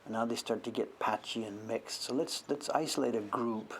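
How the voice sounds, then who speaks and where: A man's voice: mid-range voice, moderate pace, a bit bright, slight background noise. An older man from Canada chatting casually on a livestream, rambling as he works on a carving. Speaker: woodblock printmaker streaming live.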